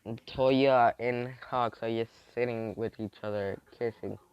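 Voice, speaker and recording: A man's voice: mid-range voice, fairly even intonation, measured pace, smooth, no echo, dull audio. A man improvising a fan story aloud, rambling, with frequent restarts and self-corrections.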